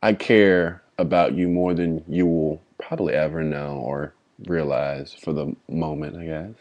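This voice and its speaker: Profane rambling young man, low voice. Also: steady tone, measured pace, darkish tone, dull audio. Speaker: vlogger. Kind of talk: personal apology vlog.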